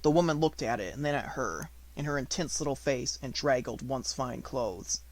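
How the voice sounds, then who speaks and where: A man reading an unabridged audiobook in a measured storytelling manner, slowing on descriptive words. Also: medium pitch. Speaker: audiobook reader.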